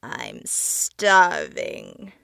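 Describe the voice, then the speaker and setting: Cursed hungry face, voiced by a woman, taunting, slow menacing demands, gravelly, dry close sound. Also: fairly low pitch, wildly swooping pitch, bright, forceful tone, dry recording, heavily acted. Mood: demanding.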